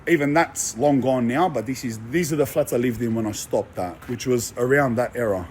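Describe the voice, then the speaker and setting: A mid-range, darkish voice moving fairly quickly belongs to a young Australian social media personality. Slight background noise accompanies his casual walking vlog outdoors among apartment blocks, where he sounds brash and boastful and leans on street slang.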